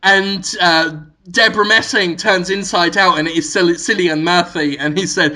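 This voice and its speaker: A man's voice: sits high, a little slow, hardly any pauses, sharp tone. A male podcast host telling a rambling, absurd improvised story with frequent giggles.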